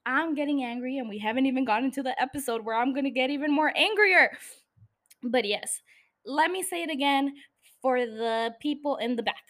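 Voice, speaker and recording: A woman with a high, lively voice rants alone into her podcast microphone. She is blunt and sarcastic and swears freely. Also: brisk. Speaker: podcast host. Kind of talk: solo podcast rant. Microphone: studio microphone.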